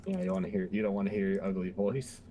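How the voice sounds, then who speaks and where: A man's voice: low-pitched, flat delivery, fast talker, warm tone, a little hiss or hum. A man chatting dryly and offhandedly with friends during a game stream. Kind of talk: casual gaming voice chat.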